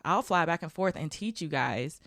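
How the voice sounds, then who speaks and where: A woman's voice: sits low, animated, normal speed, fairly bright tone, no echo, clean studio sound. A woman hosting a podcast interview in casual chat, talkative and laughing often. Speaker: podcast host.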